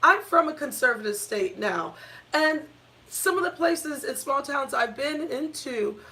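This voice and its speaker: Brief: fairly high-pitched woman, blunt and swearing, laughs through lines. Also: lively intonation, unhurried, pushed and bright. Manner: blunt, profane, laughs while talking. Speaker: co-host. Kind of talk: casual conversational rant.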